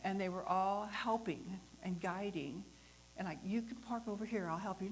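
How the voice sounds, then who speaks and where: A woman hosting a talk, telling a personal story in a lively way, acting out the voices of the people in it and laughing often. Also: mid-range voice, moderate pace, a little hiss or hum, rough recording. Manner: animated, acts out the voices in her story. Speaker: host.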